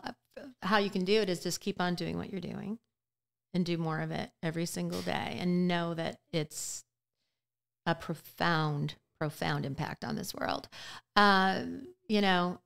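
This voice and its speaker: A woman guest on a podcast, a business and life coach, talking earnestly in a casual interview, slow and deliberate with many fillers. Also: fairly low pitch, level tone, gravelly, smooth. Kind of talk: casual heartfelt interview chat.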